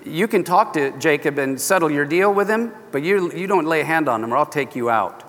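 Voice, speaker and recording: A man's voice: a little high, lively intonation, brisk, fairly bright tone. A stern male God issuing a firm warning, voiced by a preacher. His words ring out in a large hall with a long reverb.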